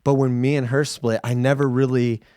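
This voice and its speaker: A man's voice: normal speed, clean tone, no echo, clean studio sound. A man in his thirties co-hosting a casual podcast, telling a story with lots of swearing and acted-out quotes. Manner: animated storyteller, acts out quotes with pitch jumps and swearing. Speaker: podcast co-host. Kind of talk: casual chat.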